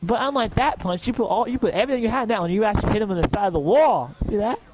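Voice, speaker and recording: A man narrating as game master, telling the action in an excitable, profane way with shouted sound effects. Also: high-pitched, very fast, highs cut off, slight background noise.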